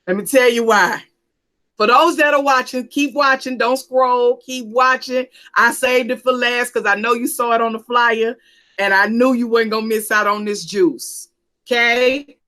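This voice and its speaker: A woman's voice: a little high, steady tone, normal speed, bright, forceful tone. A woman hosting a church panel talk, playful and coaxing as she calls out to the audience.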